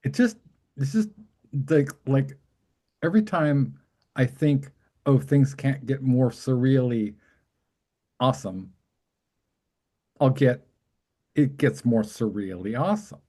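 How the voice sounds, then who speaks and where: A man hosts a loose, casual chat, talking with a mellow, warm tone at a middling pitch. He rambles excitedly from thought to thought, often breaking into laughter. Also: takes it slowly, pauses often. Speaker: host.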